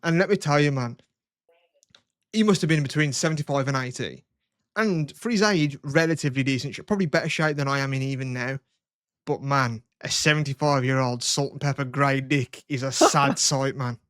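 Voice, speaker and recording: A man's voice: mid-range voice, fairly quick, a bit bright, smooth, no echo, studio quality. Swearing man telling stories. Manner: rambling storytelling, swears a lot. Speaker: podcast host. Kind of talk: crude casual chat.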